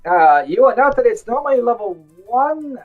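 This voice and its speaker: A woman's voice: on the high side, lively intonation, normal speed, narrow, tinny audio, soft background music. Chatty woman playing a tabletop game. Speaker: player.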